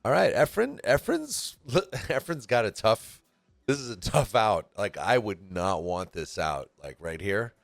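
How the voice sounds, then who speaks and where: A man's voice: sits low, animated, measured pace, no echo, soft background music. A man from California giving laid-back, chatty commentary on a pool match, often laughing as he talks. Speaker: stream commentator.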